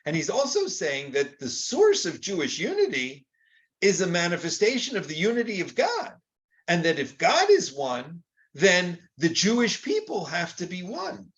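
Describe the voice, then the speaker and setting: A man's voice: high-pitched, huge pitch swings, moderate pace, fairly bright tone. An older man teaching Torah in an informal, conversational lecture, often acting out quoted exchanges with rhetorical rises.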